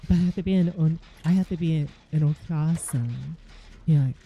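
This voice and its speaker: A woman's voice: sits low, a little fast, warm tone, highs cut off. A young woman streaming and chatting casually, reacting with giggly disbelief. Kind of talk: casual chat.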